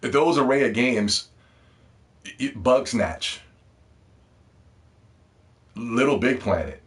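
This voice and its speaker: A man's voice: medium pitch, animated, slow pace. A man ranting to the camera about games, heated and profane, repeating words when worked up. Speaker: gaming video host. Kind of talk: ranting video commentary.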